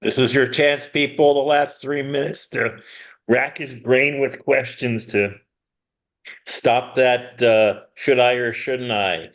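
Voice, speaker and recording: A man in an online Q&A, unhurried, prompting people to ask questions. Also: mid-range voice, steady tone. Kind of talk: casual online Q&A.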